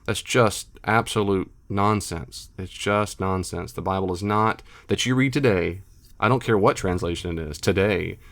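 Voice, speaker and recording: Emphatic lower-voiced male scholar. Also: normal speed. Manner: emphatic, repeats himself, animated asides. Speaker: biblical scholar and lecturer. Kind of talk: unscripted monologue.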